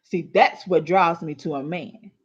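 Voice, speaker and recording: A woman's voice: lowish voice, measured pace, slightly rough. A woman giving casual relationship advice to women, sassy, emphatic and colloquial, scolding her listeners. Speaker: relationship and astrology advice host. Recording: dull lo-fi recording.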